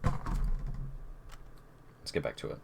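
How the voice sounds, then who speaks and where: A young man streaming from his desk on a headset, chatting casually and rambling with fillers. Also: extremely slow. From Australia. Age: young adult. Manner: rambling and easygoing, with many fillers and restarts. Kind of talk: casual live-stream chat.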